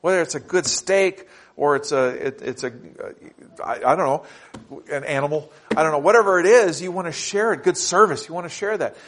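A man preaching in a folksy, conversational way, drifting into rambling stories before pressing his points with rising emphasis. His voice sits a little high for a man. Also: a little fast. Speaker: pastor. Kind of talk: conversational sermon.

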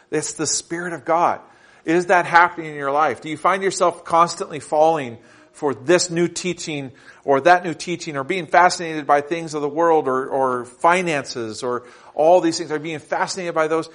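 A man preaching in a folksy, conversational way, drifting into rambling stories before pressing his points with rising emphasis. His voice sits a little high for a man. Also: fairly bright tone. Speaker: pastor. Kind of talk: conversational sermon.

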